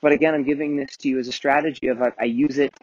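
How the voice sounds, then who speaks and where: A man's voice: mid-range voice, steady tone, rapid-fire. A man hosting a motivational podcast, talking candidly and earnestly with casual swearing while walking on a beach at night. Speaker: podcast host and mentor. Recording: muffled outdoor recording with wave noise. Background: crashing waves.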